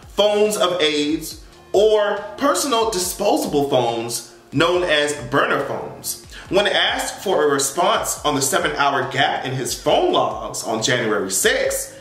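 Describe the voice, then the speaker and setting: In an echoey room, a young podcast host with a fairly high voice reads news headlines aloud and riffs casually on them, laughing often and swearing with animated energy.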